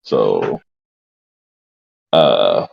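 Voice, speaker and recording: A man playing a tabletop game, describing his character's actions in a relaxed, chuckling way. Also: extremely low pitch, extremely slow, creaky, lo-fi sound. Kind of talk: casual in-character chat.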